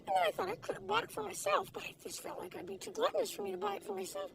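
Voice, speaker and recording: A woman's voice: very high-pitched, lively intonation, rapid-fire, gravelly, far from the mic, crowd noise, poor audio. An older woman reviewing food in a casual video, gushing, giggly and full of exclamations, recorded in her car. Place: inside a parked car.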